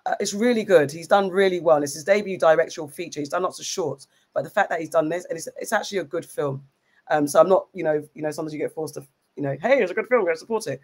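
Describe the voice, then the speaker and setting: A woman's voice: sits low, fast talker, a little mellow. A young woman co-hosting a podcast, chatty and rambling with many ums, just over an illness. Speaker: podcast co-host. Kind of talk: casual chat.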